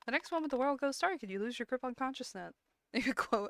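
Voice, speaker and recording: Woman game streamer, high, bright voice, giggly, reads text aloud and swears. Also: animated, brisk, no room sound. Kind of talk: casual let's-play commentary and reading game text aloud.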